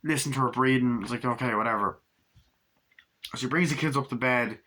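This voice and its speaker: Man, casual movie review, excitable, profane, bright crisp tone. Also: mid-range voice, brisk, a little hiss or hum. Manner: excitable, profane retelling of scenes.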